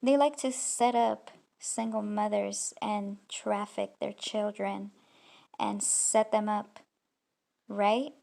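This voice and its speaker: A woman's voice: medium pitch, steady tone, slow, gravelly, a little mellow. A woman commenting on clips in a reaction video, talking in an accusatory, rambling and scornful way. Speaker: YouTube commentator.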